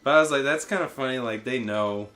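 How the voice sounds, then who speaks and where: A man's voice: medium pitch, fast, fairly bright tone. A man in his thirties co-hosting a casual, joking chat, swearing freely and acting out quoted remarks. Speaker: podcast co-host playing a game.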